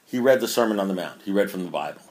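A man's voice: deep voice, expressive, very fast. A man speaking at a recovery meeting, reading passages aloud and pressing his points with rhetorical questions. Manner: emphatic, with rhetorical questions and swings in loudness; chuckling as he talks. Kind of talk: impassioned talk reading from a book.

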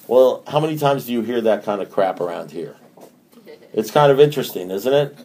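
A man's voice: medium pitch, animated, fairly quick, dark tone. A man giving a conversational recovery talk to a group, earthy and emphatic, often repeating his phrases. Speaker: recovery meeting speaker.

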